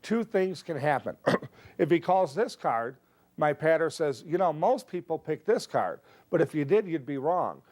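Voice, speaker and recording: Man explaining a card trick, fairly high voice. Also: measured pace. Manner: relaxed, explanatory, steps through moves one by one. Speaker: magic teacher. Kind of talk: instructional explanation with performed patter.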